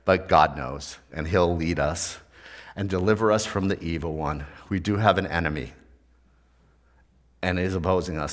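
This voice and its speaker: Older male pastor; relaxed, conversational preaching with questions to the congregation. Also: low voice, moderate pace, pauses often. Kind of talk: sermon.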